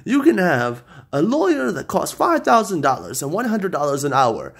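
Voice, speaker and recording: A man putting on a comic Borat-style accent for a ranting monologue, full of halting repetitions. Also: a little high, huge pitch swings, creaky, husky, heavily acted. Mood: indignant rant.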